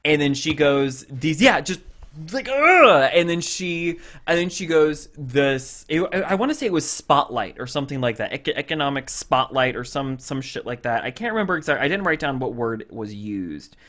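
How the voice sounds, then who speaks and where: A man's voice: medium pitch, animated, normal speed, fairly bright tone. A man co-hosting a casual podcast, retelling a TV episode scene by scene, acting out the characters' lines with frequent restarts. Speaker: podcast co-host.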